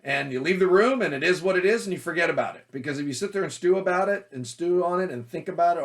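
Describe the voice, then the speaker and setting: A man teaching about auditions as an acting coach, talking in a loud, forceful, energetic way. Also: high-pitched, quick pace, few pauses.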